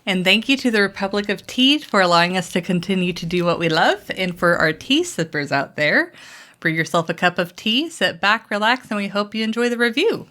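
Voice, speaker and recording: A woman's voice: mid-range voice, expressive, brisk, pushed and bright. A woman co-hosting a casual podcast, chatty and laughing often, thinking aloud with restarts. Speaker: podcast co-host.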